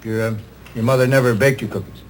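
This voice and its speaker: An actor playing a calm, gentle divine figure who speaks hesitantly and asks quiet questions, in a 1970s TV drama. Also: male voice, medium pitch, quick pace, a little hiss or hum, natural voice. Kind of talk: 1970s television drama acting.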